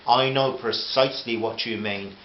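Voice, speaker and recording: A man's voice: mid-range voice, steady tone, normal speed, echoey room, highs cut off, slight background noise, close to an everyday voice. A man voicing a friendly, posh older male aristocrat who speaks genially and uses fond terms of address.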